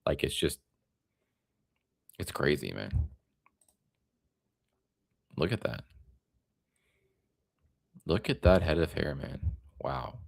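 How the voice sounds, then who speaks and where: Young man, very low voice, casual live stream chat, rambling, tired. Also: very animated, takes it slowly, vocal fry, pauses often, husky. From Florida. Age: young adult.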